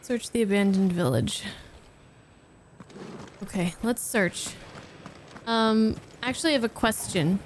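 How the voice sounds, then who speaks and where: A woman's voice: medium pitch, measured pace, long pauses, slight background noise. A woman streamer giving chatty, sarcastic live commentary while playing a game.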